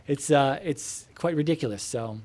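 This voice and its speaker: A man speaks from his home computer room as he plays, voice pitched in an ordinary middle range. His talk wanders, full of fillers and restarts and casual swearing, with quick asides to the game in front of him. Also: a little mellow, slight background noise. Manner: meandering, filler-heavy, swears casually, breaks off to comment on the game. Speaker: gamer talking to viewers while playing. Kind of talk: casual rambling chat while gaming.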